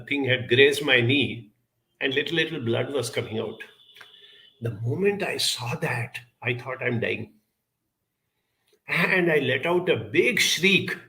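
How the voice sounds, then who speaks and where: A man with a gravelly, bright voice talks earnestly as a program guest. He tells a childhood story and poses rhetorical questions in a reflective way. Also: mid-range voice. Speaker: guest speaker.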